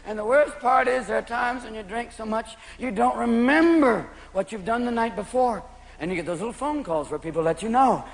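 A man's voice: extremely high pitch, brisk, a little hiss or hum. A man doing a stand-up comedy routine with manic energy, jumping into silly character voices. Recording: live show, echoey room, loud crowd laughter.

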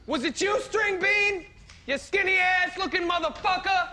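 A man voicing a crude, loudmouthed male president who yells profanity at a play. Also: very high-pitched, normal speed, a little hiss or hum, full character voice. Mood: belligerent. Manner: profane, yelling, repeating himself.

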